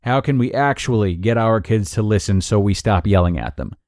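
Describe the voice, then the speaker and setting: A man hosting a podcast, reading a blog post aloud in an upbeat, expressive way. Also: lowish voice, fairly quick, dry recording, clean studio sound. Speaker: podcast host and narrator.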